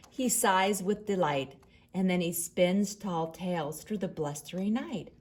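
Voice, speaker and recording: A woman reading a picture book aloud to children, expressive, dropping to a hush on the refrains. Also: fairly low pitch, unhurried. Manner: expressive, with hushed whispered refrains. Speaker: storyteller.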